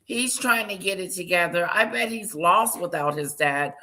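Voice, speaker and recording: A woman's voice: fairly low pitch, expressive, normal speed, pushed and bright. A woman casually commenting on a video she is watching, with gossipy, teasing asides.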